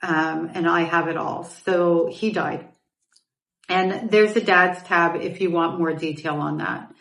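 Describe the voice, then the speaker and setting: A woman's voice: fairly low pitch, steady tone, slow pace, vocal fry, a bit bright, recorded from a distance. Candid woman telling her story, echoey. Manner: candid, reflective, with self-corrections and asides. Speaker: podcast host. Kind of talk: personal storytelling monologue.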